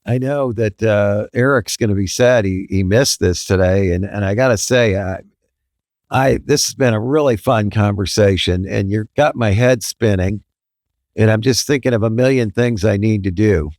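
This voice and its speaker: A man's voice: lowish voice, normal speed, darkish tone, dry recording, studio quality. A man hosting a small business podcast, wrapping up in an appreciative, hesitant way. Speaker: podcast host. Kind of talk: casual interview.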